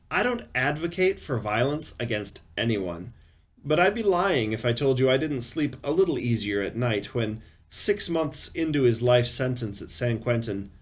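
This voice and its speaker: A man reading first-person crime fiction aloud in a measured, grave storytelling manner. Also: mid-range voice. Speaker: reader.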